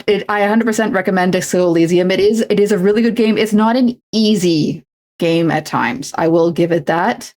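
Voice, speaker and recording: A woman's voice: mid-range voice, a little fast, a little mellow. A woman livestreaming, chatting casually while crafting, rambling and self-deprecating with frequent restarts.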